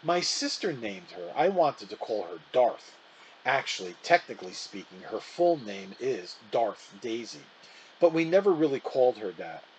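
An eager, excitable young boy chatters quickly, as a man reading a storybook puts him on. His pitch jumps around a lot as he talks. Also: slight background noise, lightly acted, rough recording. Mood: explaining.

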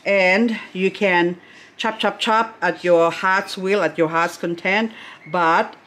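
A woman's voice: on the low side, fairly even intonation, slow, a bit bright. A middle-aged woman chatting casually as she unboxes succulents, gushing over each plant with chatty asides.

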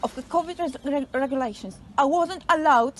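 A woman's voice: sits high, fairly quick. A woman from Poland pleading emotionally outdoors while being arrested. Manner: pleading, emotional, repeats herself. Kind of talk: street argument.

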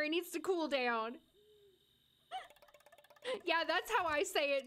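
A woman's voice: high-pitched, expressive, slow, long pauses, pushed and bright. A woman streaming a life-sim game, chatting casually with her chat and laughing often, with an American accent. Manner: giggly, chatty, reads and answers chat. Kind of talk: casual live-stream commentary.

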